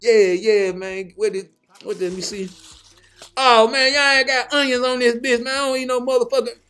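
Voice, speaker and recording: A man's voice: extremely high pitch, steady tone, normal speed, bright, forceful tone, smooth, pitched above the performer's own voice. A man putting on a frantic, whiny street informant. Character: jittery male street informant craving snacks.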